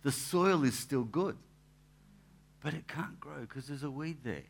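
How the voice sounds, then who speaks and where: A man's voice: medium pitch, measured pace, vocal fry, slight background noise. Chatty man preaching. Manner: chatty, anecdotal, restarts and asides. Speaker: pastor. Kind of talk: conversational sermon. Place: church.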